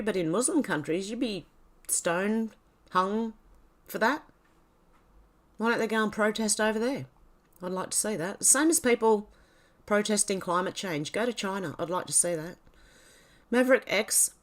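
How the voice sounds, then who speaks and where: A woman hosting a livestream, reading posts aloud in casual commentary. She stumbles and corrects herself, mutters asides, and coughs and clears her throat now and then. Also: medium pitch. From Australia. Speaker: livestream host.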